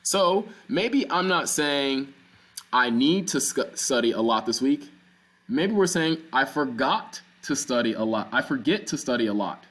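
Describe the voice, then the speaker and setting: A man's voice: mid-range voice, animated, fairly bright tone. Man explaining a Spanish lesson. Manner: explains patiently, with fillers and quick self-corrections. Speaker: Spanish teacher. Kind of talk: recorded classroom lesson.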